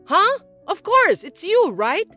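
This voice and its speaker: Woman doing a shrill accusing mother-in-law. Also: sing-song, normal speed, fairly bright tone, faint music behind. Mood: stunned. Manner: indignant, accusing and whiny. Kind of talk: scripted story voice-acting.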